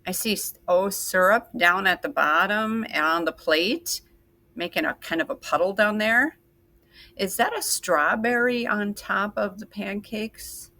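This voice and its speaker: Bright-voiced teacher talking slowly to children. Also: female voice, mid-range voice. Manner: slow, patient, sing-song teacher talk to young kids. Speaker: second grade teacher. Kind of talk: recorded classroom lesson for children.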